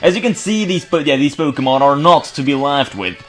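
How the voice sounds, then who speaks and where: A man's voice: a little high, expressive, a little fast, soft background music. A man casually commentating his gameplay, stuttering and restarting words often, with joking, sarcastic asides. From Belgium. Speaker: let's play commentator.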